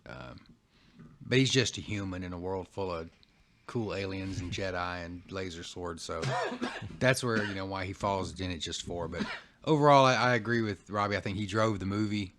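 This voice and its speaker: Easygoing man with a low voice. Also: moderate pace, fairly bright tone. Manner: easygoing, hesitant with "um" and "I mean". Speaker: podcast guest. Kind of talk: casual chat.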